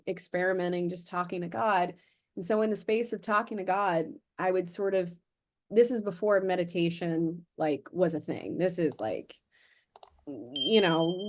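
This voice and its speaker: Woman around 40 from florida, guest on a podcast, tells stories and acts out the voices, lots of "like". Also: fairly low pitch. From Florida, USA. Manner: animated, acts out quoted dialogue, frequent "like" fillers. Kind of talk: casual interview storytelling.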